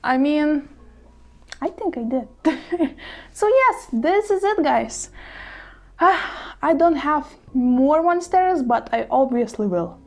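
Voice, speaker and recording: High-voiced bubbly woman gushing over plants. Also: expressive, takes it slowly, pauses often, a little mellow. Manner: bubbly and gushing, giggles often, apologetic asides; speaks English as a second language with small grammar slips. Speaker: plant vlogger. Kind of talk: casual show-and-tell vlog.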